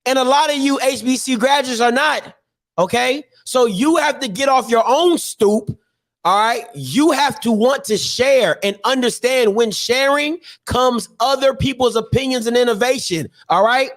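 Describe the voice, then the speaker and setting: A man hosting an online call-in show, talking in an animated, preachy and joking way full of slang. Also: very high voice, a little slow. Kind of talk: energetic call-in show monologue.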